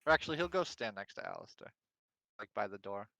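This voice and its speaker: A man's voice: lowish voice, huge pitch swings, fast talker, vocal fry, sharp tone, no room sound. A man speaking as a player in a tabletop game, hesitant and full of fillers. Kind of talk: tabletop role-play chat.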